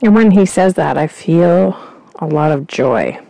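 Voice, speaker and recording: Female intuitive host, soothing and unhurried, with a dark, mellow tone. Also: low-pitched, vocal fry, dry recording, rough recording. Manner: calm, slow, soothing guidance. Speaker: intuitive reader and vlog host. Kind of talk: channelled spiritual reading. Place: outdoors in winter.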